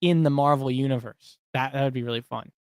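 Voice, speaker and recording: A man's voice: medium pitch, fast, smooth, no echo. A young man co-hosting a live stream, chatting casually, reading viewer questions aloud and laughing often.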